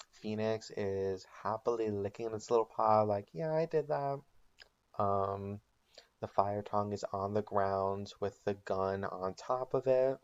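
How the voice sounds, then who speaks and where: A man's voice: fairly low pitch, highs cut off. A man telling a comedic made-up recap of a TV show in a casual storytelling way with ums and likes. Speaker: channel host.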